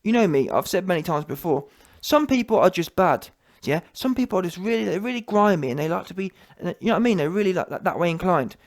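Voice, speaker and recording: A man's voice: sits high, lively intonation, fast talker. Heated man ranting on boxing. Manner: heated, mocking, slangy, full of restarts and "yeah" tags. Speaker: boxing commentator. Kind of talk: ranting opinion vlog.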